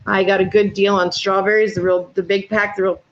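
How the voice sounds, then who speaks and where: A woman's voice: mid-range voice, little pitch movement, brisk. Blunt, swearing woman in her fifties. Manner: blunt, profane storyteller. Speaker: panel speaker. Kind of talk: casual chat. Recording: dull lo-fi audio.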